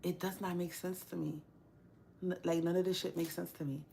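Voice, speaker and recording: A woman's voice: fairly low pitch, level tone, brisk, vocal fry, mellow, slight background noise. Blunt, swearing woman ranting on a livestream. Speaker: livestream host. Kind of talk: casual livestream chat. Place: home workspace.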